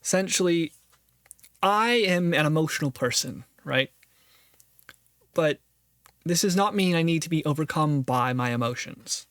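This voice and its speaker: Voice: mid-range voice, expressive, unhurried, long pauses, a bit bright, smooth, dry recording, studio quality. A podcast host giving earnest, reflective solo commentary on a philosophy text, thinking aloud and restarting phrases often.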